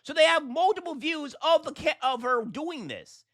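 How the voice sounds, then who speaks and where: A man's voice: very high-pitched, animated, normal speed, fairly bright tone, no room sound, clean studio sound. A man hosting a reaction commentary vlog, talking in an indignant, ranting way with rhetorical questions. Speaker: political commentary host.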